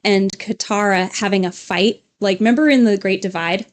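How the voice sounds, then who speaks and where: At a moderate pace and medium pitch, a woman co-hosts an easygoing live stream in a home studio set up with LED lights. She's rambling and talkative, often dropping fillers and laughing.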